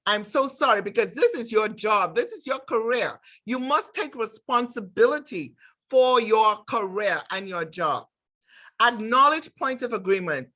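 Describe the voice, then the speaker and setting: A woman's voice: on the high side, sharp tone. A middle-aged woman teaching conflict resolution to nurses, speaking directly and emphatically and acting out short workplace dialogues. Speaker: nursing instructor. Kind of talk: lecture with acted examples.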